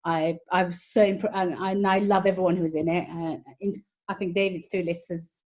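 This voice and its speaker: A woman film critic in a casual review chat, giving frank opinions in a halting way. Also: lowish voice, level tone, darkish tone.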